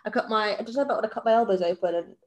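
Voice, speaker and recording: Woman, about thirty, podcast co-host, chatty and animated telling stories. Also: mid-range voice, rapid-fire. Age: around 30. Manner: chatty storyteller, animated when telling anecdotes. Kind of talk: casual chat.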